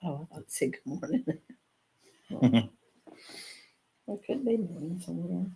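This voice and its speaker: A woman's voice: lowish voice, sing-song, a little slow, warm tone, slight background noise, rough recording. Plainspoken older woman. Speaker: co-host. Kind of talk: casual live stream chat.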